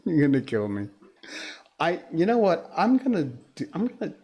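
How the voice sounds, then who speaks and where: A man from Connecticut hosting a casual livestream, chatty and enthusiastic and quick to laugh. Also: a little high, very animated, slightly rough, highs cut off. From Cornwall, Connecticut, USA. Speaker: livestream host.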